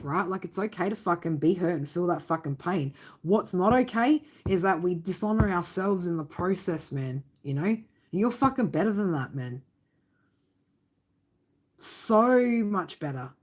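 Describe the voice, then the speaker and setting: A woman doing a live tarot reading for viewers. She talks bluntly and warmly, swearing often and tagging lines with "right?". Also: on the low side. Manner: blunt, swearing, fond tough-love talk with many "right?" tags. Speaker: tarot reader.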